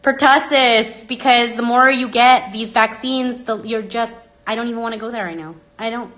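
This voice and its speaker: Woman, live-stream rant, bright tense voice, dramatic, loud then hushed, phone mic. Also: fairly high pitch, moderate pace. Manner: dramatic, exasperated, swinging between loud outbursts and hushed asides. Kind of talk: rambling live-stream monologue.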